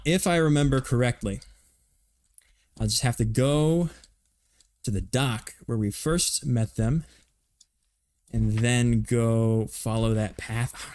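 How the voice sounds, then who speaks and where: A man's voice: medium pitch, darkish tone, dry recording. Chatty young man streaming a game. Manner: chatty, rambling, self-mocking. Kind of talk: casual live-stream commentary while gaming.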